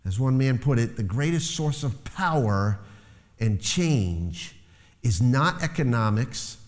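A man's voice: mid-range voice, expressive, takes it slowly. A man preaching a sermon as pastor, lifting his voice to stress key phrases. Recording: long hall reverb.

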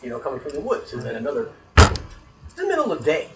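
A man telling a story in casual chat, animated, swearing freely and laughing as he goes. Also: fairly high pitch, quick pace, reverberant, very noisy. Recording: voice distant from the mic.

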